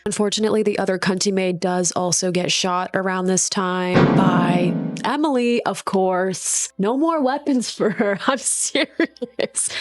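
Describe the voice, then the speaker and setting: Woman, middle-pitched, casual film-recap vlogger; snarky, profane, quick to joke. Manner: joking, profane and animated. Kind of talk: casual chat.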